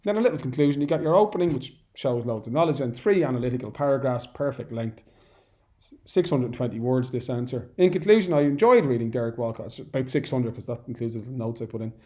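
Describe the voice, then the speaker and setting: A man's voice: mid-range voice, quick pace, warm tone. A man, a teacher, who reads sample exam answers aloud and breaks off to comment on them in a chatty, encouraging way. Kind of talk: exam-prep lesson.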